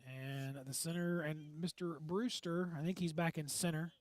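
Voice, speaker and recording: Folksy small-town radio baseball announcer. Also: male voice, normal speed, dry recording. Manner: folksy, relaxed banter between pitches. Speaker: play-by-play announcer. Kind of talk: local radio baseball commentary.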